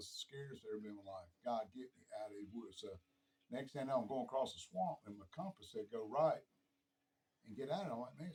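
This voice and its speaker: A man's voice: mid-range voice, darkish tone, breathy edge, poor audio. A middle-aged man telling a hunting story in casual chat, acting out the quoted voices and laughing often.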